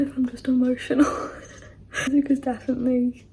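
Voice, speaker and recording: A woman's voice: high-pitched, little pitch movement, moderate pace, gravelly, dark tone, in a whisper, poor audio. A young woman chatting casually as a book vlogger, gushing and talkative with lots of "like". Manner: chatty and gushing, heavy use of "like". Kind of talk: casual vlog chat.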